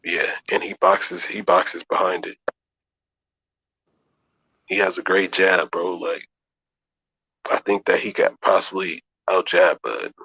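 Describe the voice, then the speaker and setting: A low-voiced man argues boxing in loose, profane, emphatic talk, breaking down how fighters switch stances. The recording sounds dull and lo-fi. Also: big pitch swings, takes it slowly, creaky, pauses often, sharp tone, breathy edge, dry recording. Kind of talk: casual boxing debate.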